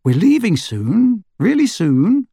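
A man's voice: on the high side, very animated, moderate pace, dry recording, clean studio sound, voice pushed up. A man voicing an earnest, urgent teenage boy wizard. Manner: urgent, insistent.

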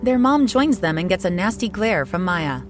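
Calm woman narrating scene descriptions. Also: medium pitch. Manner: even, measured, descriptive. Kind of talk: scripted audio description. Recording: music playing behind.

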